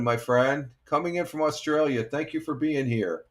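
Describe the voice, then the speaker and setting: A man's voice: fairly high pitch, normal speed. A man in his sixties, a retired firefighter, hosting a casual morning live stream and chatting with viewers in a rambling, easygoing way with many fillers. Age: 60s.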